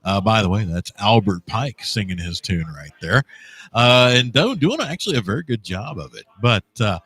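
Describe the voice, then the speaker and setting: A man's voice: on the low side, big pitch swings, moderate pace, fairly bright tone, slightly rough, dry recording. A man in his fifties hosting a morning radio show, talking in a preachy, rambling, folksy way. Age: 50s. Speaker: radio host. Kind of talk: opinionated radio monologue.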